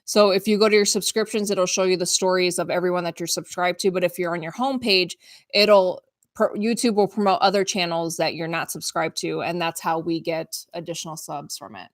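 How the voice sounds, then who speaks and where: A woman's voice: on the low side, steady tone, brisk, no echo. Easygoing middle-aged woman, dry close sound. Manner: easygoing, laughs along. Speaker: co-host reading viewer questions. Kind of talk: casual live-stream chat.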